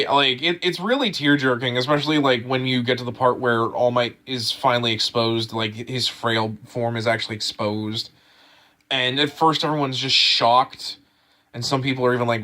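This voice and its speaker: A man with a mid-range voice reviews an anime episode at normal speed, rambling casually. His talk is full of fillers, restarts and excitement.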